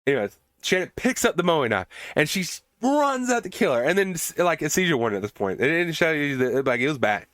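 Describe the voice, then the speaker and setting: A man's voice: a little high, big pitch swings, brisk, hardly any pauses, fairly bright tone, dry recording. Exasperated man recapping a movie, dry sound. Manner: exasperated, swears for emphasis, restarts often. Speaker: podcast host reviewing films. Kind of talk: casual spoken movie recap and review.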